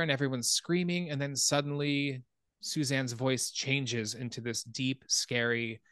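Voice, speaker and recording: A man hosting a podcast, casually retelling a film's plot scene by scene in an animated way. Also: medium pitch, smooth, dry recording. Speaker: podcast host. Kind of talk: casual film recap.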